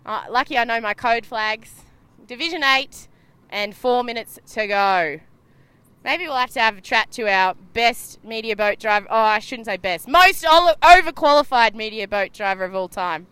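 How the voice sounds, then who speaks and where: A woman's voice: fairly high pitch, moderate pace, pushed and bright, clear, resonant tone, dry recording. A young Australian woman doing chatty, laughing live sailing-race commentary from a boat at sea. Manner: bubbly, laughs often, chatty.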